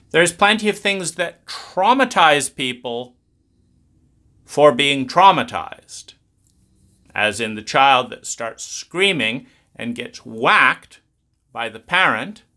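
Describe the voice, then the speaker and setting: Blunt, emphatic man with a bright voice. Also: a little high. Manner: emphatic, blunt, swears freely. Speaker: trauma educator. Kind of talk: explanatory talk.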